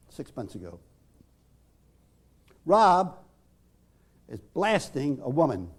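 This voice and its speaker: A male psychotherapist lecturing on group therapy in a measured, emphatic way with dramatic pauses. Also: on the high side, a little mellow.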